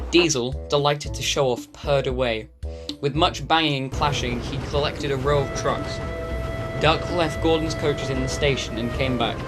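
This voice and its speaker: A woman narrating a children's railway story in a steady, plain reading manner over background music. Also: very deep voice.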